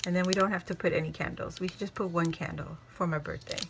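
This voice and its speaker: A woman vlogger from Hawaii excitedly unboxing handmade craft mail, gushing and exclaiming over each piece. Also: fairly low pitch, fast, gravelly, background noise. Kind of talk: casual unboxing chat. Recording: music playing in the background.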